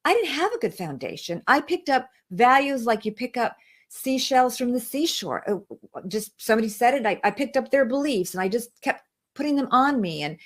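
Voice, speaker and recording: A woman, a guest on an interview show, telling her personal story in an earnest way and repeating phrases for emphasis. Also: fairly high pitch. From outside the United States. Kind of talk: emotional personal testimony.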